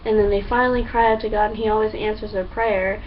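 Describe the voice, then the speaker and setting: A young woman talking to camera in a casual, excitable, chatty way, full of fillers and acted-out quotes. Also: medium pitch, quick pace, distant mic. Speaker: vlogger. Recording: dull lo-fi sound, a bit off-mic, faint hum.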